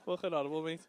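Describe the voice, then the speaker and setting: A man doing a stand-up comedy set on a club stage, telling a profane, animated story into a handheld mic with audience laughter behind. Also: sits high, a little hiss or hum.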